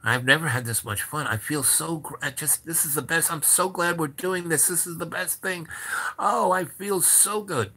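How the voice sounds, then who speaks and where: A man's voice: mid-range voice, expressive, brisk, sharp tone, husky, heavily acted. A man voicing a feared older woman who rules a town, gushing with delight as she is pleased.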